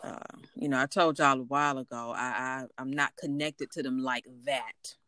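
A woman co-hosting a podcast in casual chat, unhurried and agreeable, cheering her partner on as she shares a story. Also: a bass voice, steady tone, sharp tone, no echo, clean studio sound. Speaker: podcast co-host.

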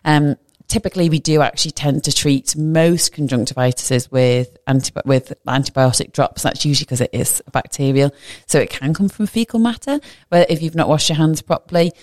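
A woman, a medical guest explaining eye infections in a measured, teacherly way with light humour. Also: deep voice, a little mellow. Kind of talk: casual explanatory chat.

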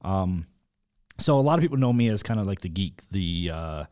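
A man's voice: low-pitched, animated, moderate pace, darkish tone, clear, resonant tone. A man co-hosting a podcast in casual chat, teasing his co-host with joking banter.

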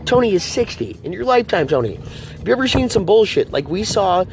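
A man's voice: high voice, very animated, a little fast, gravelly, over music. A man hosting a political talk show, ranting to his viewers in a preachy way and calling them folks and guys.

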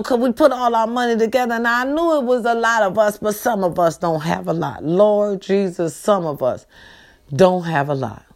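A woman with a Black voice pleads straight to camera, emotional and insistent. She repeats her appeals over and over, dropping low and hushed, then rising high and loud. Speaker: granddaughter making a public appeal.

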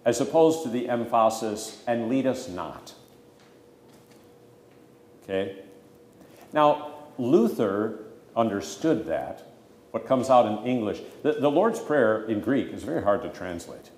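A low-pitched man gives an emphatic catechism lesson as a pastor, leaning hard on key words and slipping into homely asides. His voice rings out through a roomy hall, and a long reverb trails after every phrase. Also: lively intonation, unhurried, darkish tone. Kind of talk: catechism teaching to a congregation.

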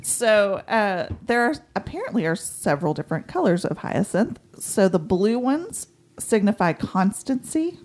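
A woman's voice: medium pitch, very animated, normal speed, darkish tone. A woman co-hosting a book podcast, explaining word meanings in a casual, nerdy way. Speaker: podcast co-host. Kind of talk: casual chat.

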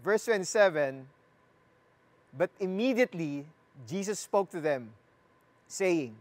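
A preacher delivers a sermon at an unhurried, measured pace. The voice sits at a middle pitch, and the delivery leans on repeated phrases. Questions are put straight to the listeners, with a light, joking touch. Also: lively intonation. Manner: asks the listeners questions and jokes with them. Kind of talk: sermon with scripture reading.

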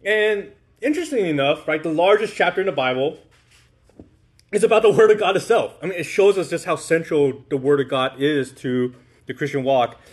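A man delivers a relaxed, informal sermon, his voice sitting slightly higher than most men's. He talks to the congregation like friends, with easy fillers and little "right?" checks. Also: brisk. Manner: conversational, frequent "right?" checks. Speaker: pastor.

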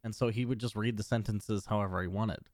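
A man's voice: on the low side, fairly even intonation, fast talker, a little mellow, dry recording, studio quality. A man hosting a casual podcast, joking and rambling and swearing freely as he chats with his co-host.

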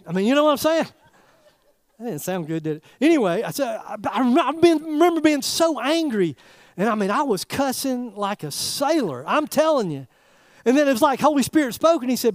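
A man preaching a sermon in a folksy, animated way, throwing rhetorical questions at the congregation. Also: very high voice, a little fast, no echo. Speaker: pastor.

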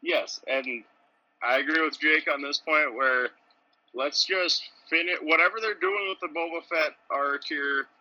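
Podcast guy with a bright close dry sound, tossing out random facts. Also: on the high side, unhurried, dry recording, highs cut off. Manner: dry, offers trivia and facts. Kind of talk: casual podcast chat.

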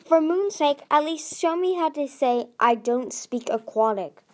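A woman's voice: a little high, moderate pace, a little mellow, lightly acted. A woman reading aloud as a fierce young female sea dragon, snapping and defiant. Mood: snappish. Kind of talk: audiobook reading.

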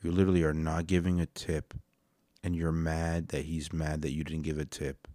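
Deep-voiced man ranting on a podcast. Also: moderate pace, no room sound, studio quality. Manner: rambling, profane, animated storyteller. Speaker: podcast host reacting to videos. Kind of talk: casual comedic commentary.

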